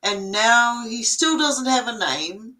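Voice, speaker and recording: A woman chatting casually on a livestream from home, animated and quick to laugh, swearing now and then. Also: a little high, rough recording. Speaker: co-host of a spiritual livestream. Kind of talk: casual chat.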